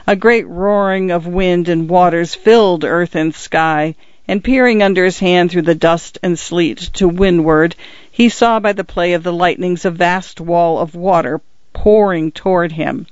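A man narrating a story with measured, expressive delivery. His voice sits high for a man and sounds smooth and resonant. The recording is dry and slightly dull. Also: no room sound. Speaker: audiobook narrator.

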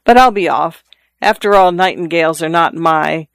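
A reader voicing a skeptical old father who grumbles and philosophizes, in a smooth, dry voice. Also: medium pitch, normal speed, fairly bright tone, dry recording. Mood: dismissive. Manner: wry, philosophizing, growls.

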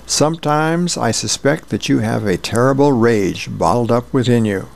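A man's voice: medium pitch, moderate pace, vocal fry, natural voice. A man reading the lines of a bossy girl playing psychiatrist in a comic strip. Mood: lecturing.

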